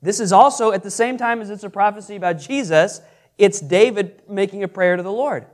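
A man leads a Bible study in a high, earnest voice. He pauses to put questions to the listeners and stumbles over repeated words. When he quotes scripture, his delivery swells with emphasis. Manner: earnest, repeats and restarts, reads scripture aloud with rising emphasis. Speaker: pastor teaching a Bible class. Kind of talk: interactive sermon with questions to the audience.

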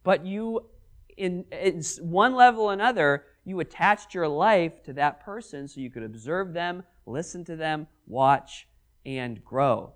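A man's voice: fairly high pitch, unhurried. A man preaching a Bible study sermon, reading verses aloud and acting out the dialogue in them. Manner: animated, acts out scripture dialogue.

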